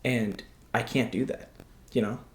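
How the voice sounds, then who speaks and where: A man's voice: medium pitch, unhurried. A veteran man co-hosting a podcast, talking bluntly with frequent swearing in a casual chat. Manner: blunt, profane, animated. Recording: echoey room.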